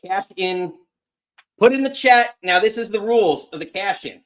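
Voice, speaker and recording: A man's voice: high voice, animated, normal speed, fairly bright tone. A man hosting a wrestling call-in show, taking callers and reacting in an upbeat way. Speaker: host.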